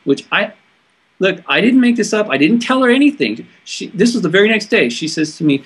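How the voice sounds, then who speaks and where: A man from California with a somewhat high, husky voice recounts a personal experience to an interviewer. He talks earnestly and haltingly, often breaking off and restarting his sentences. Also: lively intonation, a bit bright. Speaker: interview guest. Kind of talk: personal storytelling in conversation.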